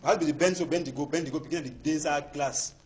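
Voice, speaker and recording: A man's voice: fairly high pitch, racing, a little mellow. A man from Cameroon speaking Cameroonian Pidgin English as a panelist in a heated studio debate, emphatic and repeating words as he builds his points.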